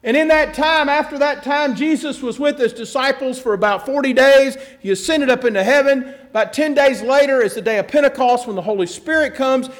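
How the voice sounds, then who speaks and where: High-voiced man preaching a sermon. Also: a little fast, few pauses. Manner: conversational storytelling with self-deprecating asides. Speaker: pastor.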